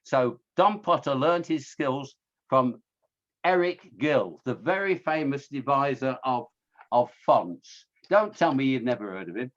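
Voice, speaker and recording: A man's voice: mid-range voice, expressive, measured pace, lo-fi sound. A man giving an informal illustrated history talk, chatty and self-correcting, with wry asides. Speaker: local history speaker.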